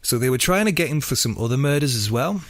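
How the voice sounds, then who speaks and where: Sweary, animated male podcast host. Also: mid-range voice, fast, dry recording. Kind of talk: casual true-crime chat.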